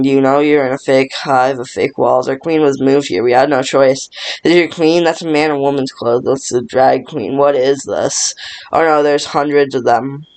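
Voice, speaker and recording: A man reading a film script aloud by himself, rushing and stumbling through every part. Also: a little high, a little mellow, clear, resonant tone. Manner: rushed, stumbling reading with little change between parts. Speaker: script reader.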